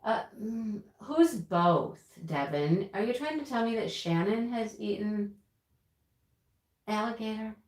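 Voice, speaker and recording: A woman's voice: medium pitch, animated, takes it slowly, darkish tone. Woman, livestream host, casual chatty, comment-reading, roomy echo. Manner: chatty, reads and answers comments aloud. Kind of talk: casual livestream chat with viewers. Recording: roomy home recording with faint ambient noise.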